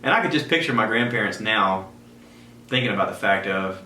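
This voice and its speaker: A podcast host from South Carolina, with a drawl and a fairly low voice, tells a personal story animatedly, slipping into the voices of the people in it. His tone is bright and forceful, and the recording is echoey with a faint ambient hum.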